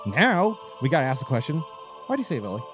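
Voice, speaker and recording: A man chatting casually with a co-host as he recaps a video game's story, his pitch jumping when he gets excited. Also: fast, soft background music. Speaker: podcast co-host.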